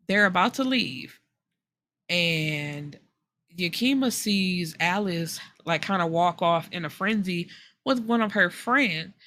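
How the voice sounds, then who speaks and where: A woman hosting a book podcast, casually recapping a story and acting out the characters' lines with lively slang. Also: on the low side. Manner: animated retelling, acting out character quotes with slang and cursing.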